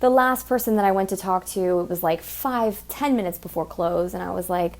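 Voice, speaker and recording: A woman's voice: fairly low pitch, fairly quick. Blunt, profane woman telling a story. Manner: blunt and profane, heated, mimics others. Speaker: podcast host. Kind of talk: casual storytelling monologue.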